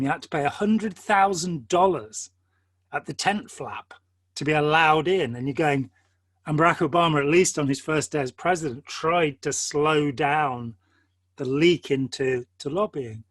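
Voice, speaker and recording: A man's voice: fairly high pitch, normal speed, fairly bright tone, no room sound. An older man with an English accent, talking earnestly and at length in a discursive conversation, with many quotes and asides along the way. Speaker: host.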